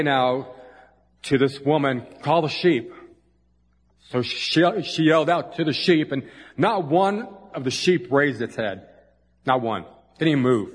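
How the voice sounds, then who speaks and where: A man preaching a conversational sermon, folksy and full of asides, in a church. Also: medium pitch. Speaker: pastor. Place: church sanctuary. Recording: long hall reverb.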